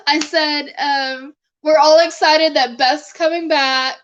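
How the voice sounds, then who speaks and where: A woman's voice: high voice, a bit bright, dull audio, slight background noise. A young woman streaming live, chatting casually with her viewers and her dog and laughing often.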